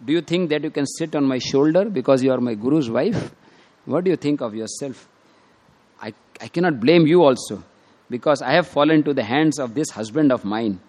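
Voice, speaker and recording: A man doing a sharp-tongued scolding wife. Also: on the high side, big pitch swings, normal speed. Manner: scolding, sarcastic, louder than his narration. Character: sharp-tongued proud wife, young woman.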